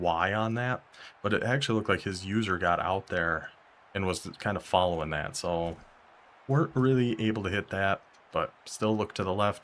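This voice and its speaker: A young man commentating his own football video game as he plays, talking to himself and reacting with sudden excitement and frustration. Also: deep voice. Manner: talks to himself while playing, quick bursts of excitement and frustration. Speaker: gaming YouTuber. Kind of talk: live gameplay commentary.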